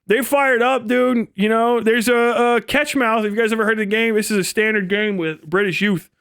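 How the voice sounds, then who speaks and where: A man's voice: sits high, fairly even intonation, moderate pace, a bit bright, smooth, no echo, clean studio sound. A man hosting a live stream, delivering a rambling, profane, mocking comedic rant. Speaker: livestream host.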